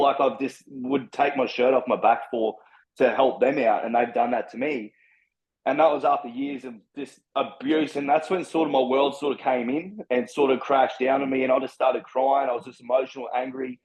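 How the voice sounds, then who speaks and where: A man's voice: medium pitch, muffled recording. A man with an Australian accent telling his life story as a podcast guest, in a rambling, frank and heavily profane way. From Brisbane, Australia. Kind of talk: candid personal storytelling.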